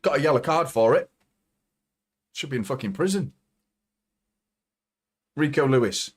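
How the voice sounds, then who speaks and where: A man hosting a live football watchalong, commentating as a fan and swearing a lot as he swings from nervous muttering to shouting. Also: medium pitch, animated, unhurried, slightly rough.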